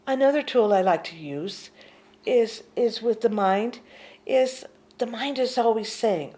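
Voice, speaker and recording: A woman giving a gentle spiritual teaching talk, unhurried and often sinking to a hushed near-whisper. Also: on the high side.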